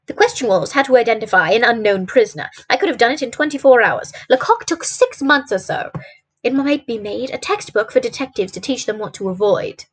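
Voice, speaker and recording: A woman voicing a conceited, brusque male detective who talks with boastful scorn, in a husky voice. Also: on the high side, expressive, a little fast, slight background noise, close to an everyday voice. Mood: scornful. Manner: sardonic, boastful.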